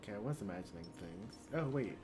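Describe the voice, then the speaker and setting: A man's voice: on the low side, fast talker. A man in his thirties, tired and yawning, rambling casually to viewers on a game stream. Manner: rambling, relaxed musing aloud. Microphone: desk USB microphone.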